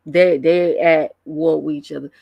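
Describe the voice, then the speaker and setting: On a live stream, a woman chats casually, gossiping about online drama and laughing often as she reacts with drawn-out, slangy commentary. Her voice is low, gravelly and warm with a breathy edge, her intonation fairly even, and there's no echo.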